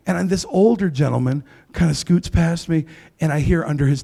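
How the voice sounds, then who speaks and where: A man's voice: a little high, moderate pace, creaky, dark tone. A man doing stand-up comedy in a comedy club, brash and crude with mock outrage.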